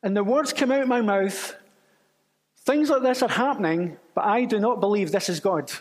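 A man's voice: sits high, moderate pace. A man telling a testimony as a sermon, storytelling and acting out the voices of others. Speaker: preacher. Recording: long reverb of a church hall.

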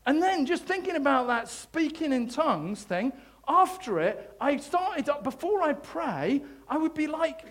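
A man preaching a sermon, telling his own faith story in an animated, self-deprecating way. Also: extremely high pitch, measured pace. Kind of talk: sermon testimony.

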